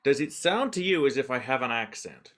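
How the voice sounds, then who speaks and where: A man's voice: medium pitch, animated, fairly quick, a bit bright. A man hosting a podcast, chatting casually, musing and self-deprecating, often trailing off. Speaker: podcast host. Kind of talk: casual interview chat.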